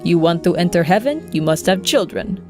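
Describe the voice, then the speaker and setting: A woman's voice: fairly low pitch, animated, a little fast, dark tone, soft background music, close to an everyday voice. A woman putting on a folksy, drawling male gatekeeper of heaven while narrating a legend. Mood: bossy.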